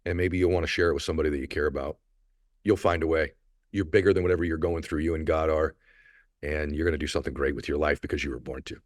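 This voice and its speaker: Middle-aged male podcast host, extremely low voice, earnest and motivational, emotional, dry studio sound. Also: steady tone, fast, no echo. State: emotional, choked up. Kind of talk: emotional solo storytelling.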